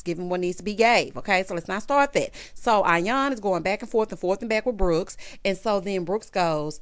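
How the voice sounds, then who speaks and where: A woman's voice: mid-range voice, brisk, hardly any pauses, no room sound. A woman recapping a reality TV episode in a sassy, dramatic way, acting out what the cast said and calling the viewer honey and child. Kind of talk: casual commentary recap.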